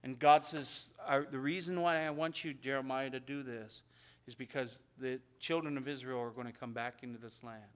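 A man's voice: mid-range voice, steady tone, normal speed, fairly bright tone. A man pastor teaching an expository sermon in a conversational way, often repeating words and acting out the prayers he quotes. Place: church sanctuary.

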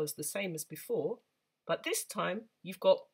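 A woman's voice: mid-range voice, very animated, measured pace, fairly bright tone, slightly rough. A woman teaching beginners the saxophone, patient and encouraging as she explains step by step. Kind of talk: instructional talk to camera.

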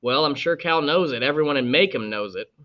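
A man voicing a calm, wise middle-aged father who reasons gently and evenly. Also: a little high, fairly quick, highs cut off, natural voice.

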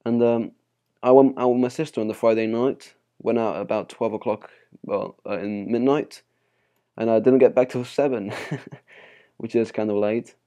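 A man's voice: medium pitch, steady tone, normal speed, dark tone. A young man with a Spanish accent, chatting casually with many fillers while playing a game on his channel. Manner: rambling and chatty, with many fillers and small laughs. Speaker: gaming channel host. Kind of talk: casual gameplay commentary.

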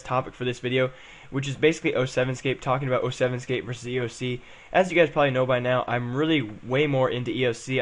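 A young man chatting casually as he plays and comments on a game, rambling and saying "um" and "guys" a lot. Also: medium pitch. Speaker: gaming channel host.

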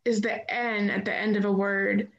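A woman student asks tentative questions in a language class. Her voice is gravelly, and the call audio sounds dull and echoey. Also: mid-range voice, little pitch movement, moderate pace.

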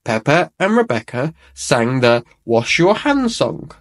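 Reading a children's storybook aloud, a man gives an animated, expressive performance. His pitch sits in the middle, and he goes a little slowly.

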